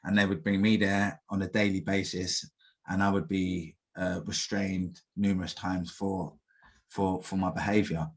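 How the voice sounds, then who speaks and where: A young man giving halting personal testimony in an interview, with many fillers and restarts. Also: low-pitched, level tone. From England.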